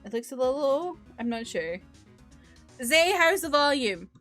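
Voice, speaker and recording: A woman's voice: sits high, sing-song, measured pace, fairly bright tone. A woman streamer with a British accent that drops her T's, chatting casually and giggling between games at a desk microphone. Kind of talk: casual live-stream chat. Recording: faint music behind.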